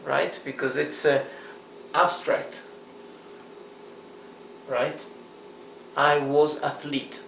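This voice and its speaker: A man teaching a language lesson at a whiteboard, explaining patiently, checking in with "okay?" and "right?", and repeating words slowly. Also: medium pitch, gravelly, a bit bright, reverberant, a little hiss or hum, poor audio. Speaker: Spanish teacher.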